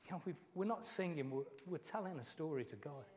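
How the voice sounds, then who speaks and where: A man's voice: a little high, lively intonation, brisk, a little mellow. Earnest preacher man in a reverberant hall. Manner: earnest, emotional preaching with repeated phrases. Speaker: pastor. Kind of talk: sermon.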